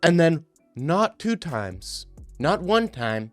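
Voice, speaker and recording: Animated young man mocking fight replays. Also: fairly high pitch, slow pace, dry recording, faint music behind. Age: 20s. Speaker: video commentator. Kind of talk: casual commentary over fight replays.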